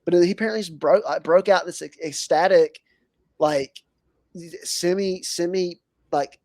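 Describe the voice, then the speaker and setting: A man's voice: sits high, measured pace, a little mellow, no echo. A man talking as a podcast guest in casual chat, rambling with many fillers.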